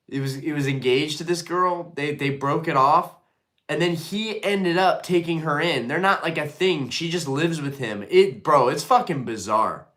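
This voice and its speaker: A man's voice: fairly high pitch, a bit bright. A man hosting a casual live stream, rambling and swearing freely as he answers chat comments.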